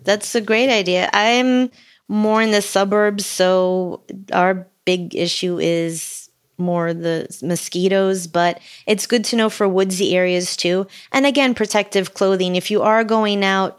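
A woman co-hosting a podcast, upbeat and animated in casual conversation. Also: mid-range voice, unhurried, clean tone. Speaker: podcast co-host. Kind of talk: casual chat.

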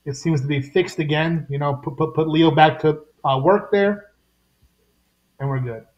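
A man's voice: on the high side, normal speed, dull audio. A man hosting a podcast, recapping a comic issue in casual chat and acting out the characters' lines as he goes. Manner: animated retelling with voiced quotes. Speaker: podcast host.

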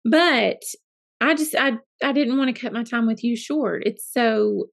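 A middle-aged Southern woman who co-hosts a podcast, chatting loosely and laughing at herself. Her voice sits a little high with a gravelly fry, recorded close and dry. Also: dry recording. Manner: chatty, self-deprecating, quick to laugh. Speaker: podcast co-host, school counselor. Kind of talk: casual chat.

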